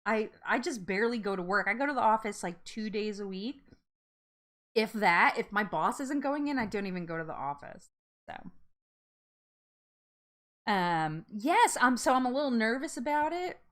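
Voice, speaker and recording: A woman hosting a casual live-stream chat, bubbly and chatty, laughing often and reacting out loud to viewer comments. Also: fairly high pitch, animated, moderate pace, long pauses.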